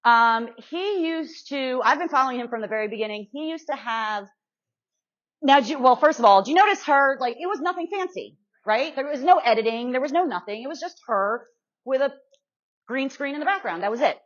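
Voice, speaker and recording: A woman with a high, expressive voice talks fairly quickly as a guest speaker, demonstrating social media to real estate professionals at a live workshop in a meeting room. She's chatty and self-deprecating, constantly checking in with her audience. The lo-fi recording sounds muffled.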